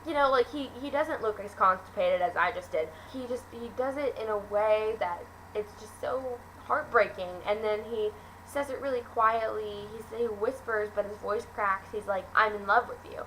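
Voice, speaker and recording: A woman's voice: fairly high pitch, normal speed, a bit bright, slight background noise, poor audio. A teenage girl casually reviewing a film, gushing and rambling with lots of fillers and restarts. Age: teens.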